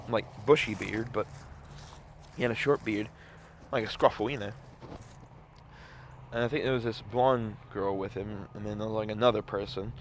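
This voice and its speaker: A man's voice: mid-range voice, slight background noise. A man casually telling a rambling story to the camera, with many fillers and restarts. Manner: rambling, filler-heavy retelling. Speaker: vlogger.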